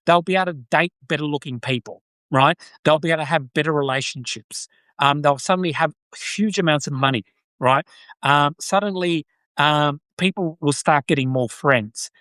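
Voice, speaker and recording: A man's voice: on the high side, a bit bright, no echo. A man with an Australian accent, hosting a live-stream podcast with political commentary. He talks off the cuff, restarts and repeats phrases, and thanks viewers by name. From Brisbane, Australia. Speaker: podcast host.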